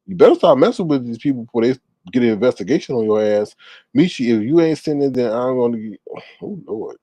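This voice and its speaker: A man hosting a casual live stream, reading viewer comments aloud and reacting with sassy, animated remarks. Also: mid-range voice, fast talker, no room sound.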